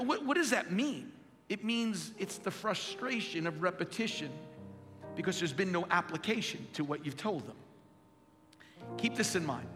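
A pastor preaching a sermon to his congregation in a large church, emphatic and animated, asking the crowd questions. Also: a little high. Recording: long hall reverb with live music behind. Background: instrumental music.

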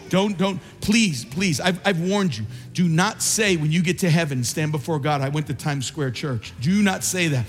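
A man preaching a sermon in a large church, rising to impassioned shouts and dropping to soft pleading as he calls people forward. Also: on the high side, normal speed, hardly any pauses, in a large hall, faint music behind. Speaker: pastor. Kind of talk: sermon with altar call.

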